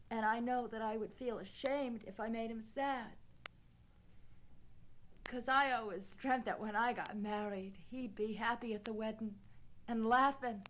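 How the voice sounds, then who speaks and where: An anxious young Brooklyn woman, as an actress plays her pleads in an earnest, somewhat high voice. She is torn and insistent, and it plays as a scene from a film drama. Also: lightly acted, low-quality recording.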